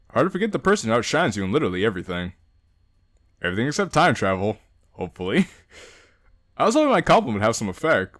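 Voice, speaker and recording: Young male gaming host, animated, jokey readthrough with frequent laughter. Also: medium pitch, no room sound, clean studio sound. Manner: animated, laughs often, reads and jokes. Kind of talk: casual let's-play narration of a visual novel.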